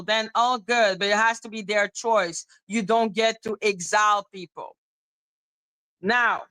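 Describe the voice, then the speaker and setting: A woman hosting a livestream, talking straight to her chat in an animated, repetitive rant broken up by laughter. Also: a little high, no room sound, poor audio. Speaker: livestream host.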